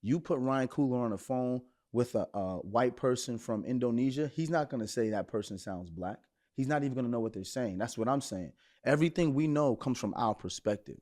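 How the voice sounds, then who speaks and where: Brooklyn-raised man, podcast co-host, mid-pitched, animated, emphatic pushback. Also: brisk. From Brooklyn, New York. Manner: animated, pushes back emphatically. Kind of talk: casual group discussion.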